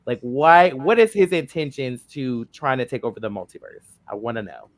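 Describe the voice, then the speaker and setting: A man on a casual group chat, explaining at length in a rambling, animated way. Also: medium pitch, normal speed, no room sound. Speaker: panelist.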